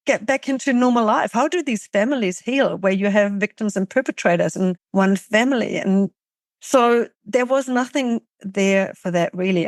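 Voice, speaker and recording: A woman's voice: medium pitch, no room sound. Woman, earnest and dry. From Germany. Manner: earnest, thoughtful, with frequent restarts. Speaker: journalist guest. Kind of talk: podcast interview conversation.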